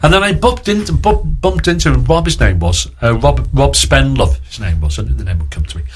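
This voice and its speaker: A man's voice: mid-range voice, very animated, a little fast, slight background noise. A man in his sixties from Liverpool, with a Liverpool accent, telling rambling show-business stories as a guest on a radio interview. He keeps acting out what other people said. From Liverpool, England. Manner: rambling storyteller who acts out other people's lines. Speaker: guest actor.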